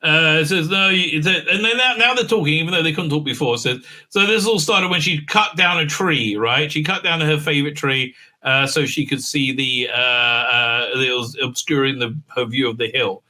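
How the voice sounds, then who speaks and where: A man's voice: a little high, moderate pace, bright, forceful tone. A man giving a casual, sarcastic recap and review in a rambling way, with many filler sounds. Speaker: video reviewer.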